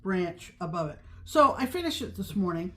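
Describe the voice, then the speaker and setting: A woman co-hosts a casual crafting podcast, chatting about cross-stitch in a rambling way full of ums and restarts. Her fairly low voice has big pitch swings and a pushed, bright quality at a moderate pace.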